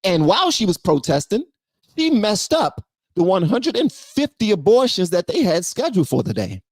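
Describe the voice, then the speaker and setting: A man's voice: sits high, wildly swooping pitch, moderate pace, dry recording. A man from Southeast Washington, D.C., giving casual, emphatic reaction commentary straight to his viewers. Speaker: YouTube commentator reacting to a clip.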